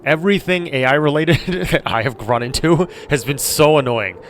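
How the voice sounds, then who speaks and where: A man's voice: on the high side, moderate pace, a bit bright, a little hiss or hum. A man streaming a game, chatting casually with viewers and laughing mid-sentence. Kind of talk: casual live-stream chat.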